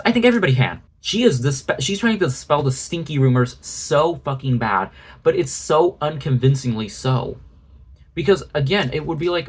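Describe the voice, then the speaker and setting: A man's voice: medium pitch, very animated, normal speed, fairly bright tone, husky. A man doing a ranting commentary video, sarcastic and exasperated, with frequent swearing. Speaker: commentary YouTuber.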